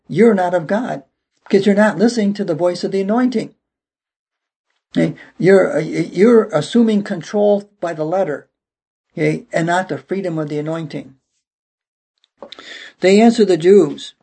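Gravelly high-pitched male preacher. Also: dark tone. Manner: emphatic, repeats "okay" and restarts phrases. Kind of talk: sermon, verse-by-verse Bible teaching.

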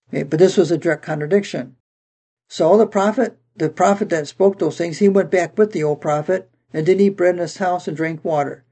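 A man's voice: a little high, creaky, dark tone, breathy edge. A man teaching the Bible verse by verse, reading passages aloud and then explaining them with frequent "okay"s.

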